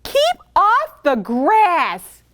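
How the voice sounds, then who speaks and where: A woman voicing a grumpy male cactus who yells at visitors to keep out. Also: very high voice, very animated, very slow, full character voice. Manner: yelling, huffy.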